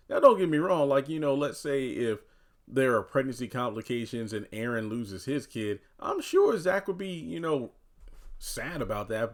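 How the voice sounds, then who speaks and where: A man giving casual commentary on a TV episode, talking loosely with lots of "you know" and "uh". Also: mid-range voice. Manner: animated voicing of quoted characters. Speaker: TV recap commentator.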